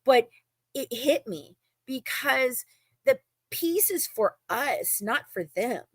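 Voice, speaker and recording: A woman's voice: high-pitched, sing-song, slow pace, fairly bright tone, breathy edge, no room sound. A woman talking emotionally and emphatically in a casual chat, often repeating herself.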